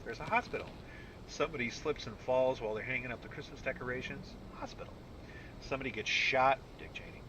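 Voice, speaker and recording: A man doing casual let's-play commentary, talking to himself with sudden shouts and mutters. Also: medium pitch, fast, background noise. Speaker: gaming YouTuber.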